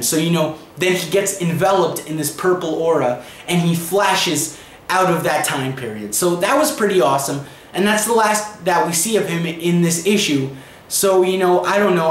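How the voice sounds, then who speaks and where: High-voiced young man, echoey room. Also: a little hiss or hum. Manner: chatty, filler-heavy retelling. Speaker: comic book reviewer. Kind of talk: casual video review.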